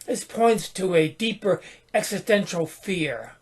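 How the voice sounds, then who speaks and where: Slow, high-voiced man giving a calm sermon. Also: husky. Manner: calm, unhurried, contemplative, with small restarts. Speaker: podcast host and spiritual teacher. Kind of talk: reflective spoken sermon.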